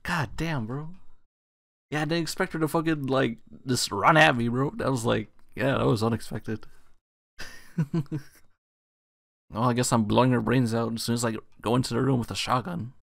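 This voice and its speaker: A man's voice: mid-range voice, steady tone, brisk, vocal fry, fairly bright tone, no echo, clean studio sound. A young man casually commenting on a horror game as he plays, swearing often and calling the viewer dude and bro. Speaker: gaming channel host. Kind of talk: let's play commentary.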